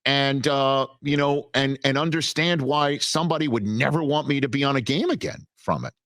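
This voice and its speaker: A man chats as an interview guest in a mid-pitched voice, recorded close and dry with no room sound. He talks like a broadcaster spinning an anecdote, animated, stumbling into restarts and pressing on. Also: moderate pace, no room sound. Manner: animated storyteller with many restarts. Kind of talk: casual interview talk.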